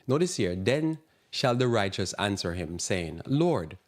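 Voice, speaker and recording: Impassioned low-voiced man preaching on radio. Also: expressive, moderate pace. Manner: impassioned, rhetorical questions, voice leaps up when indignant; loose, rambling phrasing with restarts. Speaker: Christian radio talk host. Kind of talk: preaching-style radio talk.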